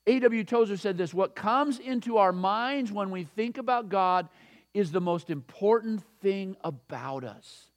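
A man in his sixties preaching a sermon, animated and repetitive, laughing often. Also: high-pitched, unhurried. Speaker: pastor.

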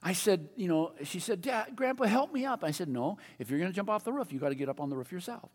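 This older preacher talks fast and expressively, his high-pitched voice echoing with the long tail of a large hall. He addresses the congregation conversationally, returning again and again to one refrain and putting questions to the listeners.

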